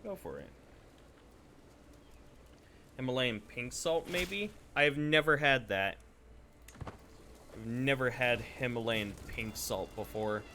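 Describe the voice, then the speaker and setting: A man's voice: mid-range voice, takes it slowly, pauses often, noisy background. A young man giving rambling, casual live gameplay commentary, swearing freely and chatting with viewers. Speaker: Twitch streamer.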